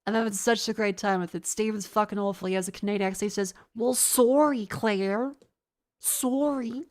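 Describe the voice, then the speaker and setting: A woman streamer, stuffy from a sinus infection, chatting casually on a desk mic in a profane, rambling, excitable way. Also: medium pitch, racing, smooth. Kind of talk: casual gaming stream chat. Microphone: desk microphone.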